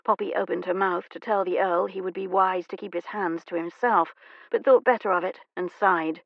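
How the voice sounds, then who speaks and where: A woman narrating an audiobook in a measured, expressive manner. Her voice has a gravelly texture. The recording is dry and a little dull. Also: on the low side, no room sound.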